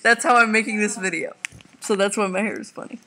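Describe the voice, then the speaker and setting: A woman's voice: medium pitch, brisk, bright, forceful tone, slight background noise. Teen girl vlogger, rambling and giggly, lying on a home couch, close webcam. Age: teens. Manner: rambling, giggly, talks to viewers and family off camera. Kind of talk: casual chatty video reply.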